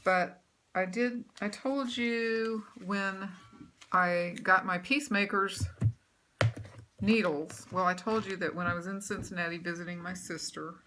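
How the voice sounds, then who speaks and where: A woman's voice: mid-range voice, fairly even intonation, a little slow, bright, forceful tone, slight background noise. A woman chatting casually at home about her stitching projects, rambling with lots of ums and restarts. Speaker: cross-stitch vlogger. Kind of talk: casual show-and-tell chat. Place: home room.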